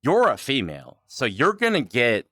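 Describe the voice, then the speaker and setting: A man hosting a casual chat in an online game, animated, laughing, and swearing freely. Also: mid-range voice, normal speed, dry recording, clean studio sound. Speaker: host.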